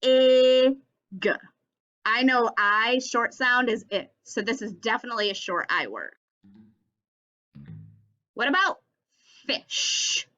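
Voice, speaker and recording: A woman teaching a phonics lesson to young children, slowly stretching out and sounding each letter of the words. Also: fairly high pitch, big pitch swings, pushed and bright, dull audio.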